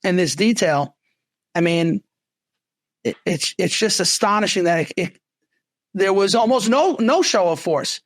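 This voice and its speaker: Speaking a little slowly with long pauses, a man who was once a police officer co-hosts a laid-back talk show in a high, animated voice. He keeps restarting and adding asides, and the recording is dry.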